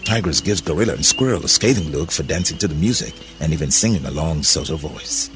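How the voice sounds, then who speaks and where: Deep-voiced man reading a story. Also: quick pace, background noise. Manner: animated, voices many characters. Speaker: narrator.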